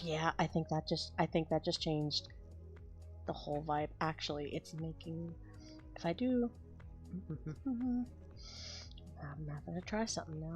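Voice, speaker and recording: Brief: woman with a slightly low voice, chatting loosely with her viewers as she draws. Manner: rambling, self-deprecating, chats with viewers. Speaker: artist streaming her drawing. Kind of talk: casual chat while drawing.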